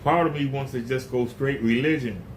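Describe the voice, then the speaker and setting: A man's voice: medium pitch, moderate pace, a little hiss or hum. Blunt, emphatic man preaching. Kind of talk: casual spoken sermon.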